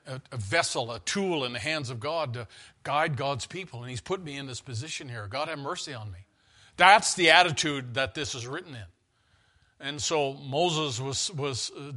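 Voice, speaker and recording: A man's voice: medium pitch, pushed and bright. A man preaching an earnest, conversational sermon in a church, often restarting his phrases.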